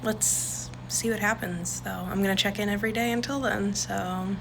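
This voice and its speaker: A woman's voice: mid-range voice, fairly even intonation, normal speed, gravelly, noisy background. A woman talking casually in a video diary, chatty and full of fillers. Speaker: vlogger; school staff.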